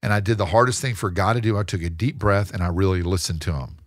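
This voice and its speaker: A man, a guest in an interview, telling his story in a lively way and acting out the people he quotes. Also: deep voice, fast talker, dry recording, studio quality. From United States. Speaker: guest, real estate investor.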